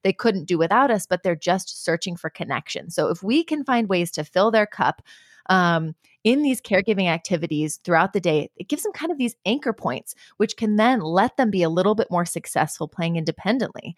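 A woman's voice: on the low side, expressive, a little fast, no room sound, studio quality. A woman guest speaking earnestly and emphatically, giving parenting advice in conversation, often in lists.

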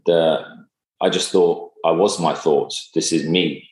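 A man in casual conversation, speaking in a halting, reflective way with many fillers and restarts. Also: low-pitched, fairly even intonation, a little mellow. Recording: echoey room.

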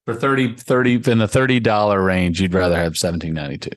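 A man from Virginia with a fairly low voice chats on a podcast. He laughs a lot and explains things at length in a relaxed way. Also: fast. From Virginia, USA. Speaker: podcast co-host. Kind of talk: casual chat.

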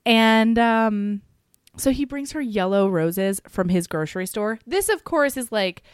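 A woman co-hosting a podcast, casually recapping a story in an expressive way and swearing freely. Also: fairly high pitch, unhurried, clean tone, no echo, clean studio sound. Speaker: podcast co-host.

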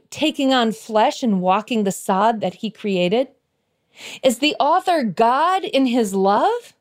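A woman giving a Christmas devotional, telling a family story in an expressive storytelling way and slowing down for emphasis. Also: on the high side.

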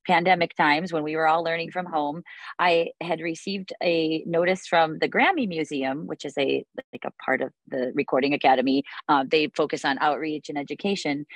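Woman in her forties, low-pitched, chatty, lots of fillers, dry close sound. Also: dry recording. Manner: chatty, many fillers and restarts. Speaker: guest, music teacher. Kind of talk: podcast interview.

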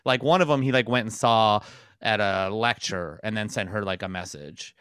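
A man's voice: lowish voice, normal speed, a bit bright, clean tone, dry recording, studio quality. A man co-hosting a comedy podcast, rambling casually with lots of fillers. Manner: rambling, filler-heavy, laughs often. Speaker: podcast co-host.

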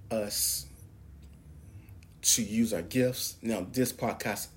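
Emphatic preaching man, low voice. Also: slight background noise. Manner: emphatic and preacherly, rising sharply on key words. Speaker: podcast host. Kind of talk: preaching podcast monologue.

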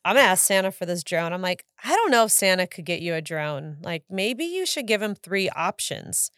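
A woman in her thirties chats with her husband on a family podcast. Her voice sits a bit low and she laughs a lot, quoting her children in playful voices. The sound is dry and close to the mic. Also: sing-song, a little fast, fairly bright tone, no echo. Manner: chatty, laughs often, acts out her kids' voices. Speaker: podcast co-host. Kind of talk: casual chat.

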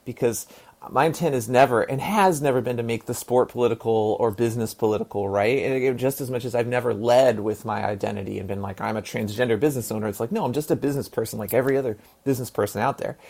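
A man's voice: medium pitch, fast talker, creaky, darkish tone. A man in his forties from the American South, answering as an interview guest in a loose, rambling way. His talk is full of fillers and restarts, with the occasional blunt swear. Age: 40s. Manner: rambling, heavy on fillers and repeated "and", casual swearing. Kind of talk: casual conversational interview.

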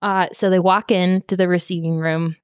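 Podcast co-host, woman, low pitch, swears freely, rambling filler-heavy recap, dry sound. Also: little pitch movement, moderate pace, smooth, no room sound. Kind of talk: casual book-club chat.

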